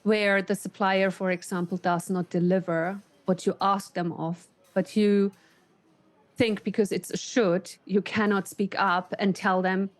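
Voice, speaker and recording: A woman of middle pitch co-hosts a business podcast, recorded dry with no room sound. She speaks fluently and assertively and brings her points to life by acting out quotes. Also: little pitch movement, a little slow, dry recording. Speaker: podcast co-host. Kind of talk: casual business podcast chat.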